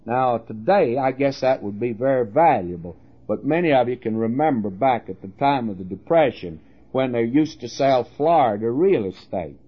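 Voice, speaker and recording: An older man preaching on the radio, telling homely stories in a folksy way, pausing often with "uh". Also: mid-range voice, animated, husky, lo-fi sound. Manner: folksy storytelling with frequent "uh" pauses. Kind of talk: radio sermon.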